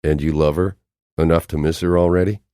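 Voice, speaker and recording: A man playing a deep, brooding tough guy. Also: steady tone, a little fast, mellow, smooth, dry recording, studio quality. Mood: needling. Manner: blunt, needling, low and controlled. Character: hard, brooding man, a tough agent pushing for the truth. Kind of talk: audiobook character voicing.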